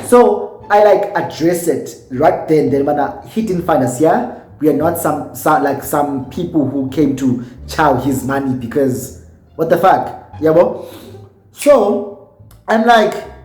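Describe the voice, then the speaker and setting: A man's voice: on the high side, takes it slowly, reverberant. A tipsy South African man with a South African accent, telling a story in a vlog and acting out what people said. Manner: animated storyteller who acts out quotes. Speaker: YouTuber.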